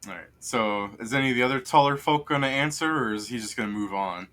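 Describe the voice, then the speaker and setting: A man's voice: medium pitch, quick pace, fairly bright tone. A man narrating a tabletop game as game master, rambling and hesitant with many fillers.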